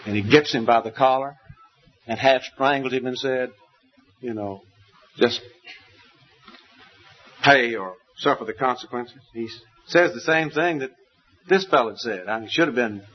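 Guy preaching a sermon, folksy and emphatic, pitch swings way up and down, kinda muffled old recording. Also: moderate pace, slightly rough.

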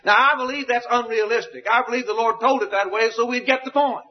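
A man preaching a sermon, telling a parable in a folksy, emphatic way with wide swings in pitch. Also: a little fast, lo-fi sound.

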